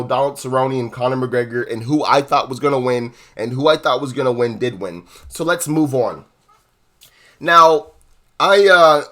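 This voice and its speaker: A man rants to camera in a high, bright voice, heated and profane. He stumbles through restarts and corrects himself mid-sentence, then pushes on harder. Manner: heated, profane, shouting at times; wandering restarts and self-corrections. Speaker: MMA commentary channel host. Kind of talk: ranting to camera.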